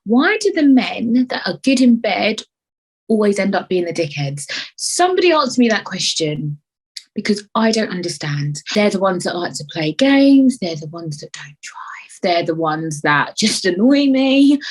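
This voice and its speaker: A woman's voice: mid-range voice, very animated, moderate pace, breathy edge, poor audio. A young woman hosting a solo podcast, chatting animatedly, swearing freely and slipping in and out of put-on voices. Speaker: podcast host. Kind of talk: casual solo podcast chat.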